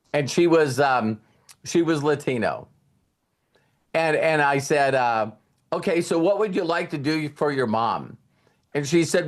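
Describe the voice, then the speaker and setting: Brief: man, slightly high voice, motivational speaker, loose spoken delivery with restarts. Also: animated, unhurried. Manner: casual, repeats words, retells conversations. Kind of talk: motivational talk with storytelling.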